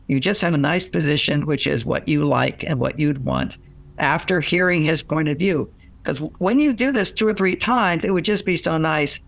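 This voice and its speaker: An older man giving relationship advice in a lively storytelling way, acting out what people said and laughing often. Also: a little high, moderate pace, creaky, no room sound. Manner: animated, acts out quoted voices, laughs often. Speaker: relationship author and guest.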